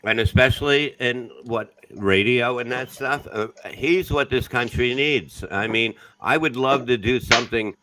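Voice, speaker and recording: A man's voice: mid-range voice, a little slow, few pauses, pushed and bright, poor audio. A man, a comedian guest, talking bluntly and profanely in a casual podcast chat.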